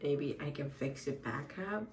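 A woman's voice: rumbling low, animated, a little slow. A woman hair vlogger testing a product in casual talk, fretting aloud and upset with herself. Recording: roomy echo with faint background hiss.

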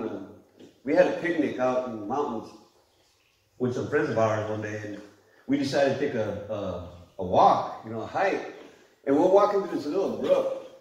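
A middle-aged pastor preaches in a church hall, telling stories conversationally and laughing along as he goes. His voice is medium-pitched and a little mellow, picked up by a distant mic in the echoey room.

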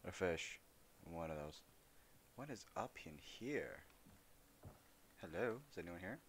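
Low-voiced young man joking through a game. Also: animated, slow, slight background noise. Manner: rambling, jokey, talks to game characters. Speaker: gaming streamer. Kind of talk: casual let's-play commentary.

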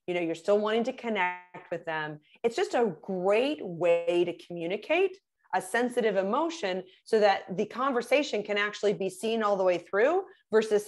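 A woman, a guest on a podcast, talking through communication tips with lively, animated delivery and quick acted-out phrases. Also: mid-range voice. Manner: animated, acts out little quoted phrases, restarts words. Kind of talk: casual interview talk.

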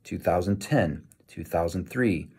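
A man reading a children's novel aloud in a lively storytelling manner, with small self-corrections. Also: deep voice, unhurried, slightly rough. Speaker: reader.

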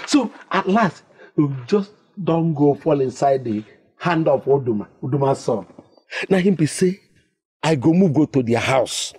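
A loud, theatrical village father with a Nigerian accent, his voice leaping up and down in wild swoops. The tone is slightly husky and high for a man, and he blurts out every thought. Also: animated, a little slow. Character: excitable scheming village father, middle-aged. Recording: film dialogue.

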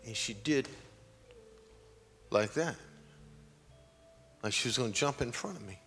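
Slow-preaching pastor, long hall echo. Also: male voice, mid-range voice, animated, faint music behind. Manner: slow, dramatic storytelling with sudden loud peaks. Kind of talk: sermon storytelling. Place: large church sanctuary.

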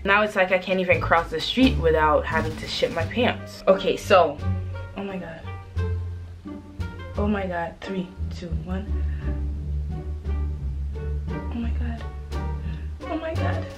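A young woman vlogging at home, chatty and nervous, giggling and swearing freely as she talks to her viewers. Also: lowish voice. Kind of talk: casual vlog chat to camera. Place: room at home.

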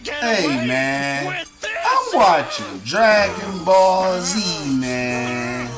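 A man doing a slow, laid-back drawling dude. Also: on the high side, exaggerated voice. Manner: slow, relaxed, slangy drawl. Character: laid-back easygoing cartoon fan guy. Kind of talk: comedic cartoon voice acting. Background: background music.

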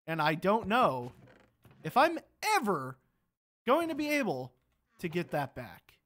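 A young man hosting a gaming channel commentates on his gameplay, exasperated and muttering to himself as he plays. His voice is high and a bit bright, with wildly swooping pitch, yet his pace stays unhurried.

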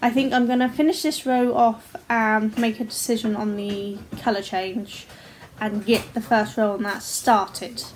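This woman in her forties vlogs from home about crochet, her voice on the high side, steady in tone and measured in pace. There's a little hiss or hum as she chats casually, laughing often and cursing without restraint.

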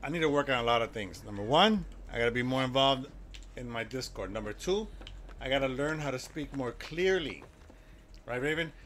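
A man's voice: medium pitch, animated, a little fast, fairly bright tone, a little hiss or hum. A man streaming a video game, chatting loosely with his viewers and reacting to the game as he plays. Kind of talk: casual live-stream chat while gaming.

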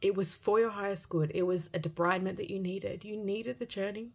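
Woman tarot reader with a gravelly edge, heartfelt and gentle delivery for a reading to viewers. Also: medium pitch, fairly even intonation, fairly quick. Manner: earnest, gentle and heartfelt, with many repeated phrases.

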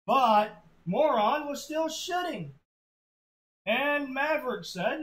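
A casual storyteller with a crude, offhand manner who tells the tale slowly. The delivery sounds unpolished and loose, like talking to friends. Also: high-pitched, lively intonation, a bit bright, poor audio.

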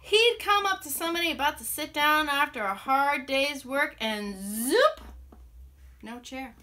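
A woman music teacher telling a children's story aloud, animated and expressive, with playful sound effects. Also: high voice, moderate pace. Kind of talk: storytelling to children with ukulele song.

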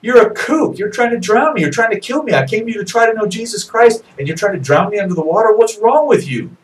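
A furious teenage boy yells in a high, strained voice, loud and outraged, as a man preacher puts him on. He sounds a little distant, as if recorded across a small office. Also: animated, fast talker. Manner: shouting, high-pitched, outraged. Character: furious teenage boy just pulled from drowning.

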